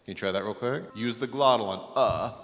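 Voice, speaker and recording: A man's voice: lowish voice, brisk, fairly bright tone, in a large hall. A man coaching a singer in a voice lesson, explaining technique and singing short phrases to show it. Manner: demonstrates sung phrases between explanations. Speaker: vocal coach.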